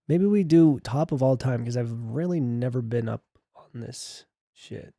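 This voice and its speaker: A man's voice: mid-range voice, a little slow, warm tone, no echo, studio quality. A young man hosting a casual livestream, chatty and joking as he reads the chat aloud. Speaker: livestream host.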